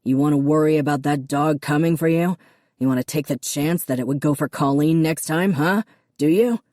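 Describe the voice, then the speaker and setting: Audiobook dad: woman narrator doing a harsh, snapping rich father, low and dark-toned, dry close read. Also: steady tone, brisk, no echo, close to an everyday voice. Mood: lecturing. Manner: curt, snapping, dismissive. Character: harsh stern wealthy father, middle-aged man. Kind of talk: audiobook character reading.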